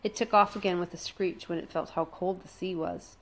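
A woman reading a children's adventure story aloud, dramatic and slowing down for suspense. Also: lowish voice, steady tone. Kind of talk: expressive storybook read-aloud.

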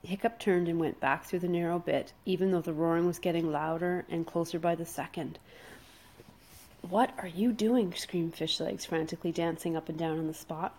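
Low-voiced woman reading a story aloud. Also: little pitch movement, fairly quick, few pauses, a little mellow. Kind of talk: expressive storybook read-aloud.

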